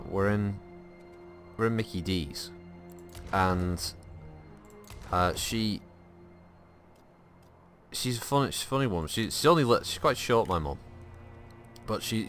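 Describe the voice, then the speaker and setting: A man giving casual, animated gaming commentary, laughing and swearing freely as he tells stories. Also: fairly low pitch, unhurried, long pauses, soft background music. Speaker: gameplay streamer.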